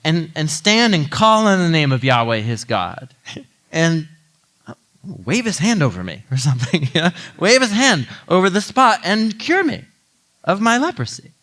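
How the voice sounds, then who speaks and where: Man putting on a proud commander, scornful, indignant, swinging pitch. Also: wildly swooping pitch, brisk, hardly any pauses, a bit bright. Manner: exasperated, mocking retelling.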